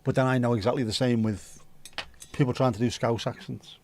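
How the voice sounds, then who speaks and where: A man's voice: medium pitch, fairly even intonation, a little fast, darkish tone, slight background noise. A man hosting a livestream, chatting casually and rambling while reading out viewer comments, with the odd swear word. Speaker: livestream host.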